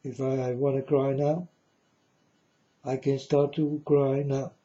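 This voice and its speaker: A man's voice: mid-range voice, little pitch movement, takes it slowly, mellow, lo-fi sound. A man giving a preachy monologue in broken, non-native English, emphatic and repetitive, often asking if the listener understands. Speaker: speaker addressing viewers.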